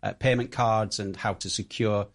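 A man's voice: on the low side, fairly even intonation, moderate pace, gravelly. A man with a Yorkshire accent, a radio guest talking about online security, speaking hesitantly with many fillers. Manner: hesitant, many ums and uhs. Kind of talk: radio interview.

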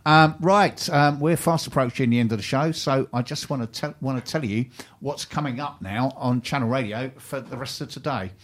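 A man's voice: medium pitch, normal speed. Chatty man co-hosting radio. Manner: chatty, upbeat, frequent ums and restarts. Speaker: radio show co-host. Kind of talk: casual radio chat and station announcements. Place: radio studio.

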